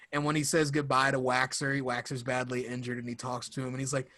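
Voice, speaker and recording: Excitable young man on a dry mic. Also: mid-range voice, fast talker, hardly any pauses, dry recording. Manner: enthusiastic, rambling, acts out quotes. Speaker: podcast co-host. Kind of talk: casual fan chat.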